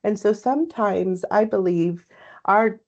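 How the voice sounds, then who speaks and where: A woman's voice: medium pitch, measured pace. Reflective woman, dull lo-fi recording. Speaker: podcast co-host. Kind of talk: casual spiritual chat.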